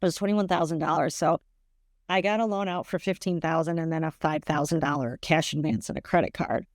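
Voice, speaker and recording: A woman recounting a personal story as an interview guest, her voice sitting a little low. She talks in an earnest, rambling way, restarting and correcting herself as she goes. The sound is dry and close, with no room echo. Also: steady tone, brisk. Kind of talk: candid podcast interview storytelling.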